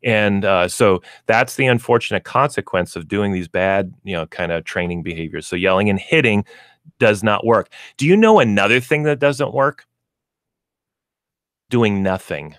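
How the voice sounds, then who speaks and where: A man's voice: lowish voice, animated, normal speed, a bit bright, no room sound, studio quality. A man hosting a radio show about pets, talking casually and acting out what dogs and owners might say. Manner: folksy, explains with acted dog and owner voices. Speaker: pet store radio show host. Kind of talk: casual radio talk on pet training.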